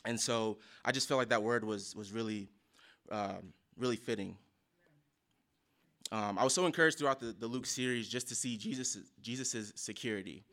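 A man sharing a casual personal testimony with a church group, speaking earnestly and haltingly with many fillers and restarts. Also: medium pitch, fairly bright tone. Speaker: church member sharing a reflection.

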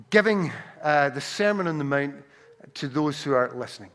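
A man's voice: a little high, lively intonation, fairly quick, fairly bright tone. A man preaching a sermon to a congregation, reading scripture aloud with rising emphasis.

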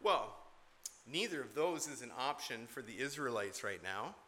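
A man's voice: medium pitch, expressive, moderate pace, bright, forceful tone. A man preaching an expository sermon from the pulpit, earnest and emphatic, repeating key points to drive them home. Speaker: pastor.

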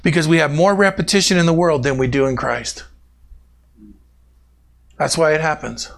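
Gravelly, animated preaching man. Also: a little high, normal speed. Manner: animated, talks directly to congregation members by name. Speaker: pastor. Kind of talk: conversational sermon with personal stories.

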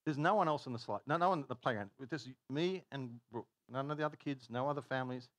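A man's voice: medium pitch, fast talker, a bit bright, no room sound, studio quality. A man preaching a conversational sermon, telling stories, stopping himself mid-sentence and acting out dialogue. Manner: chatty, self-interrupting, acts out dialogue.

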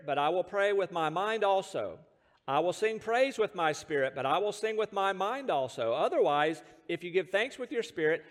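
High-voiced American pastor in a reverberant hall. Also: male voice. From United States. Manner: storytelling with self-deprecating humor and chuckles. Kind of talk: sermon.

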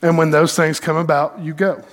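A middle-aged man preaches a sermon, telling stories in a folksy, animated way. His voice sits a little high, and he leans on dramatic pauses. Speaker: pastor. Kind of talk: sermon storytelling.

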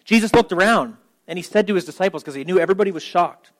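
Man, pastor, conversational sermon, higher-pitched voice, animated, casual asides. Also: very fast, low-quality recording. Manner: casual and animated, with frequent asides and check-ins.

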